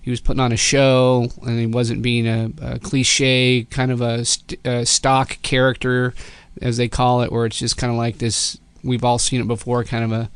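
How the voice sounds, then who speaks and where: A man's voice: medium pitch, moderate pace, smooth, no echo. Chatty man telling a rambling story. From Southern California. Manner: rambling, self-correcting, quotes people in lively voices. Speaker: podcast host. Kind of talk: casual storytelling.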